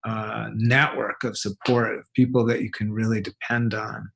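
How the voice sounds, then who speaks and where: A man, a psychologist guest, explaining things deliberately with hesitant, measured phrasing. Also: on the low side, level tone, vocal fry, a bit bright, slight background noise.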